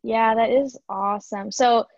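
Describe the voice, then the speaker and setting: A woman's voice: a little high, steady tone, measured pace, gravelly, a little mellow, no room sound, muffled recording. A woman listening in casual chat, reacting with gasps and short exclamations.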